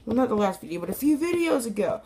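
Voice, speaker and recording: A woman's voice: on the high side, sing-song, quick pace, noisy background. Playful rambling woman reviewing a toy. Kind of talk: casual review talk to camera.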